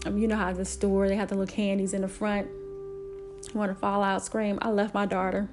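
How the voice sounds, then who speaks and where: A woman's voice: medium pitch, level tone, moderate pace. A middle-aged woman talks frankly about raising her daughter. She speaks in a mid-range voice and stresses her points hard. Faint music plays beneath her. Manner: candid, emphatic, acts out quotes in a raised voice. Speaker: single mother sharing parenting advice. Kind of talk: casual talk to camera.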